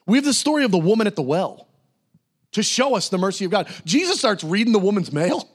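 A man's voice: sits high, very animated, quick pace. A man preaching a sermon in a church, acting out Bible figures in casual, playful voices. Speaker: pastor.

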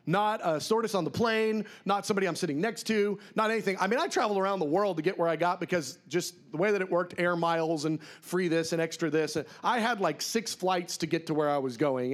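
A man preaching a sermon, telling a story and acting out the voices of people he quotes. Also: high voice. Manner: animated, acts out quoted voices.

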